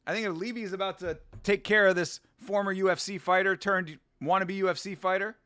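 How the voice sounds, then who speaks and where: A man hosting a casual fight watch-along, excitable and jokey. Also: high-pitched, fairly quick, clean tone. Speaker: host.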